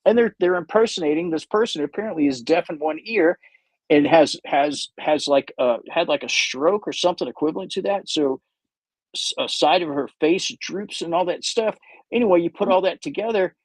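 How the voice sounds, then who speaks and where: A man's voice: fairly high pitch, a little fast, dry recording, low-quality recording. A man hosting a livestream, painting while he chats in a rambling, self-interrupting, jokey way. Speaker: livestream host painting models. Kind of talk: casual rambling chat.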